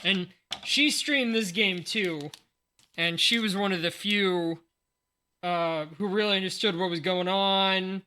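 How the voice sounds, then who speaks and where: Slow, bright-voiced man in his forties. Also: high-pitched, a little hiss or hum. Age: 40s. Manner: rambling, thinks aloud, jokes at himself. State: morning voice, sleepy. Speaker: streamer. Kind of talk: casual livestream chat while unboxing cards.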